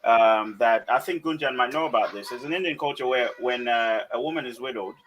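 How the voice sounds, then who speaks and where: A man's voice: mid-range voice, a little fast, fairly bright tone, muffled recording, a little hiss or hum. A man hosting a casual panel discussion, talking reflectively and hedging with "you know". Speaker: panel host.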